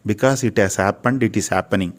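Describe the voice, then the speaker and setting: A man's voice: fairly low pitch, fast. An older man with an Indian English accent, speaking as an interviewed Ayurvedic physician in an earnest, preachy way, repeating phrases for emphasis. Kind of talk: earnest spiritual talk.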